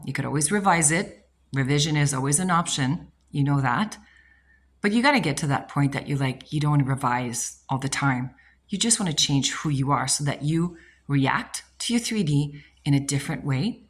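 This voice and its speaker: Deep-voiced woman coach, blunt and emphatic, fond of rhetorical questions. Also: slightly rough. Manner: emphatic, blunt, swears casually. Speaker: manifestation coach. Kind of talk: motivational talk to camera.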